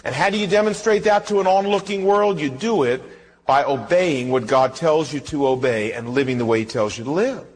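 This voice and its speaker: A man preaching a sermon as pastor, with emphatic rhetorical questions and lively acted-out anecdotes. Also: a little high, fairly quick, husky. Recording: long hall reverb.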